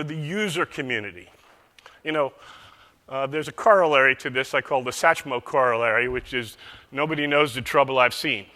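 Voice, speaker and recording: A man's voice: on the high side, bright, forceful tone. A man giving a conference keynote, telling folksy stories to make his points, recorded on a stage microphone in a large hall. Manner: folksy storytelling with metaphors. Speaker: keynote speaker.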